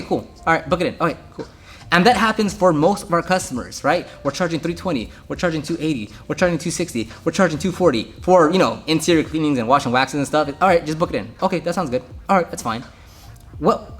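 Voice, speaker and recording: Brief: young man, quick and a touch high-pitched, casual business-advice talk with soft music underneath. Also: husky. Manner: animated storytelling, acts out customers, frequent restarts. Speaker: detailing business owner and coach.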